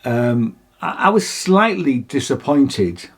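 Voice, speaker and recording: Husky man in casual chat. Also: medium pitch, big pitch swings, slow pace. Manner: opinionated, chatty, frequent restarts. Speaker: podcast co-host.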